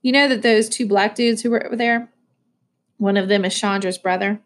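A woman doing a calm fearless teen boy. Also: mid-range voice, normal speed, natural voice. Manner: calm, matter-of-fact.

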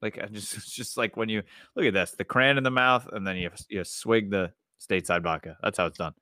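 Low-voiced man on a sports podcast. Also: a little fast, bright, forceful tone, dry recording, studio quality. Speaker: podcast co-host. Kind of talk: casual sports chat.

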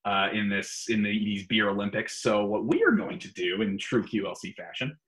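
A man's voice: on the low side, moderate pace, poor audio. A man co-hosting a casual podcast, reading out riddles and running a playful tier-list segment. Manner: animated quiz-giver, playful. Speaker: podcast co-host.

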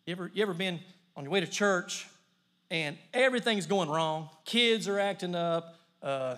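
A middle-aged man preaching a sermon as pastor, telling stories with big swings between loud bursts and hushed asides. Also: high voice.

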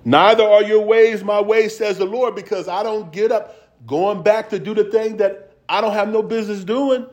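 Lively preacher with a high voice. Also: male voice. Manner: reads scripture slowly, then tells stories quickly and laughs; folksy and conversational with slang. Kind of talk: sermon.

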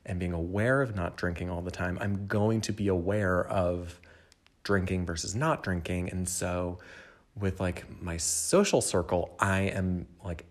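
A man's voice: deep voice, steady tone, unhurried. A young adult man hosting a podcast from home, thinking aloud in a candid, rambling way and speaking straight to the listener. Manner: addresses the listener directly. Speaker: podcast host. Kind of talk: casual solo reflection.

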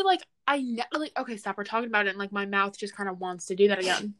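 A woman's voice: mid-range voice, fast, fairly bright tone. A teenage girl co-hosting a podcast, rambling and giggly, full of fillers. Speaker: podcast co-host. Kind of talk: casual chat.

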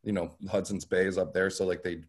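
A man, a comedian guest, chatting casually on a podcast and explaining things in a relaxed, rambling way. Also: low voice, fairly quick. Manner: relaxed, filler-heavy storytelling.

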